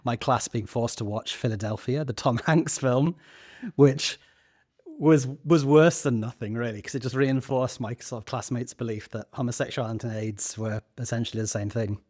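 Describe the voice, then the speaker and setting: A man's voice: mid-range voice, fairly even intonation, moderate pace, no room sound, studio quality. A man in his thirties co-hosting a podcast, talking earnestly with a few stammered restarts. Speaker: podcast co-host. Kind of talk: casual discussion.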